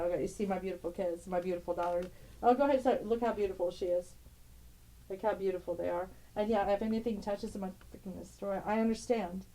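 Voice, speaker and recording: Middle-aged woman vlogger, warm mellow tone, rambling, tender, quick to laugh. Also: mid-range voice, rough recording. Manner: rambling, tender, laughs often, broken-off sentences. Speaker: tarot channel host. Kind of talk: casual emotional vlog, showing family photos.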